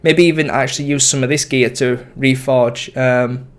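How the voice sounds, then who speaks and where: A young man chats casually about his game character. His voice sits at an ordinary middle pitch. He rambles, trails off, and corrects himself as he goes. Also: fairly even intonation, moderate pace. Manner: rambling, lots of ums and self-corrections. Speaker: gaming YouTuber. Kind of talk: casual gameplay commentary.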